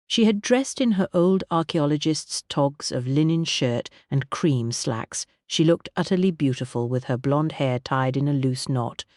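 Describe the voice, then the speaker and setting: An audiobook narrator reading a period mystery novel in an even, measured storytelling manner. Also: medium pitch, dry recording, clean studio sound.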